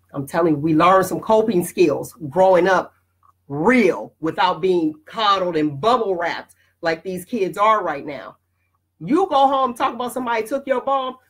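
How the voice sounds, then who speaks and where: A woman's voice: medium pitch, slightly rough. A woman hosting her own show, giving a blunt, emphatic motivational talk straight to her viewers. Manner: addresses viewers directly. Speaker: host.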